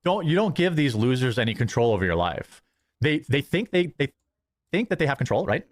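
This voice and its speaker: Fast, lively ranting man. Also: medium pitch, no room sound. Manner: contemptuous, mocks critics in sneering voices. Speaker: streamer. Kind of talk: ranting commentary.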